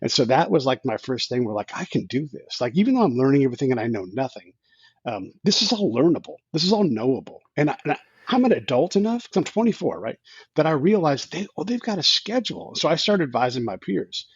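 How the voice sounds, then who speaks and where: A man's voice: fairly high pitch, big pitch swings, fast talker, slightly rough, no room sound, dull audio. A man in his fifties, a podcast guest, telling a rambling story with many restarts and quoted asides. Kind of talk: casual storytelling.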